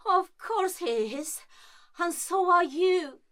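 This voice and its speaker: A woman's voice: very high-pitched, lively intonation, takes it slowly, a bit bright, exaggerated voice. A woman playing Helena, a hurt young woman who speaks reproachfully and sarcastically, in an amateur stage-play reading. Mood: sarcastic.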